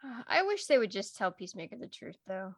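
A woman co-hosting a casual podcast chat about a TV show, animated and swearing freely. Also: medium pitch, brisk. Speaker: podcast co-host.

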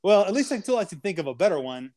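A man's voice: high-pitched, very animated, very fast, dark tone. A man co-hosting a casual podcast, ranting and joking with lots of swearing and mock insults. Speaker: podcast co-host.

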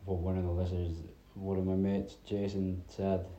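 A man's voice: deep voice, monotone, normal speed, dark tone, echoey room, lo-fi sound. A man in his thirties from north-east Scotland who drops his T sounds, rambling through a casual solo podcast chat as host. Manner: rambling, chatty storytelling with many fillers.

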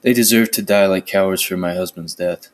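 Dude reading as fierce grieving widow, accusing, still his low voice. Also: steady tone, fairly quick, close to an everyday voice.

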